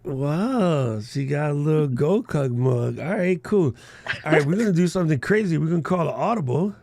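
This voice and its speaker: A man hosting a live podcast workshop, animated and joking, laughing as he explains. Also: on the high side, moderate pace, gravelly, no echo. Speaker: podcast coaching host.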